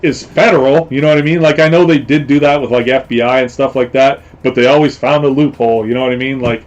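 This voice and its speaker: Speaking quickly with fairly level intonation, a mid-pitched male host chats through a casual live stream. His talk wanders, padded with fillers and the same pet phrases again and again, and the recording is slightly dull and muffled.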